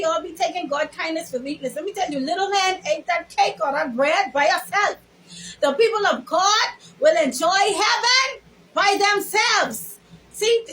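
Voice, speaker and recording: A woman's voice: very high voice, a bit bright, low-quality recording. A Bahamian woman vlogger giving an emphatic, sermon-like storytelling monologue. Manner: emphatic, sermon-like, drawls words.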